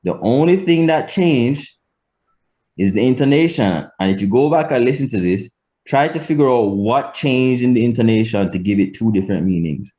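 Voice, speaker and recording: A man teaching a language lesson, explaining slowly and deliberately, swinging his pitch to demonstrate. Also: expressive, dark tone.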